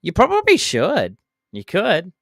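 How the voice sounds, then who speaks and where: A game streamer chatting through a live play session, with a voice that swings widely up and down while keeping an easy, slow pace. They answer chat, count down jumps and toss in playful sound effects. The sound is close and dry. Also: mid-range voice, wildly swooping pitch, creaky, no room sound.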